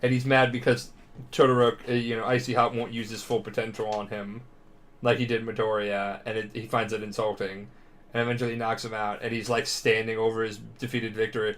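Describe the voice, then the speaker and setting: A man's voice: on the low side, brisk. A drunk man co-hosting a podcast, rambling and swearing as he retells a story in a casual way. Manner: rambling, profane, animated. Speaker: podcast co-host.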